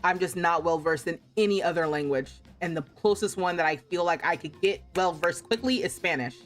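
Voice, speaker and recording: A woman's voice: on the low side, brisk, soft background music. A young American woman streaming a game, casually telling a travel story, laughing often and acting out the voices of people she quotes. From United States. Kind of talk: casual storytelling while gaming.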